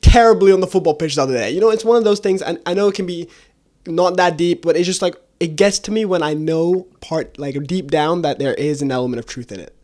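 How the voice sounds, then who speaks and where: A young man with a somewhat higher-pitched voice hosts a podcast conversation. He talks casually and candidly, with loose slang. His delivery is informal and personal. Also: quick pace, darkish tone. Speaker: podcast host.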